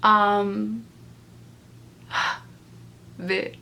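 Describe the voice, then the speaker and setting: A woman's voice: mid-range voice, level tone, extremely slow, vocal fry, bright, forceful tone. A young woman telling a storytime vlog in emotional, rambling casual slang, sighing and near tears. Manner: casual slangy talk full of likes. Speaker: vlogger.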